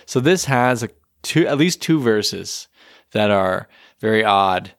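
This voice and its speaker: A man's voice: fairly low pitch, measured pace, no room sound. Male co-host, chatty and joking, dry close recording. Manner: chatty, joking, plays song clips. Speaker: podcast co-host. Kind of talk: casual chat.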